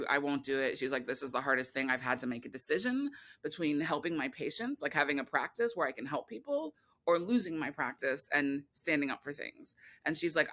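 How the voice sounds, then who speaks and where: A woman guest on a podcast, telling a long personal story in a rambling, animated way, full of restarts and quoted voices. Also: low voice. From California. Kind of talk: casual interview conversation.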